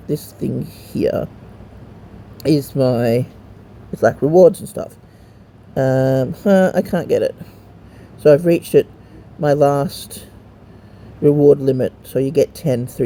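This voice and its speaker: Guy with a really mellow gravelly voice, um-ing his way thru a game walkthrough, bit of faint hiss behind. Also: mid-range voice, slow pace. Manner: rambling and hesitant, many ums and restarts; swears casually. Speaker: mobile gamer showing a game to a friend. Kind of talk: casual gameplay walkthrough.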